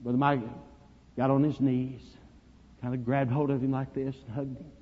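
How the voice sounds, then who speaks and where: A man preaching a sermon, telling a story dramatically and swinging from hushed to loud. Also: mid-range voice, flat delivery, normal speed. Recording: dull lo-fi recording, long reverb.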